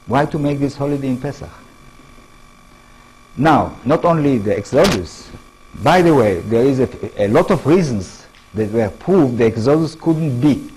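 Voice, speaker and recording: Husky Israeli-accented man lecturing. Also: mid-range voice, mellow, rough recording. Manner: halting, restarts words, checks in with the audience. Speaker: author giving a public talk. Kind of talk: lecture to an audience.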